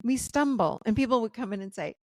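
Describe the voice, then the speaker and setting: A woman guest coach speaking on a video call in casual interview chat, animated and laughing often as she acts out what clients said. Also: on the high side, fairly quick, no room sound.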